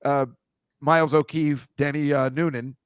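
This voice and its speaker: A man's voice: on the high side, flat delivery, normal speed, clear, resonant tone, no echo, clean studio sound. A man hosting a casual comedy chat, teasing his guest with a guessing game of photo clues. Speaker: podcast host.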